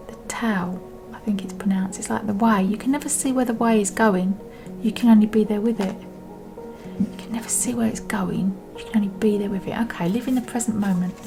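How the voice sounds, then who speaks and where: A woman giving a gentle tarot reading, soothing and often half-whispered as she reads card meanings aloud. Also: fairly high pitch, creaky. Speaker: tarot reader.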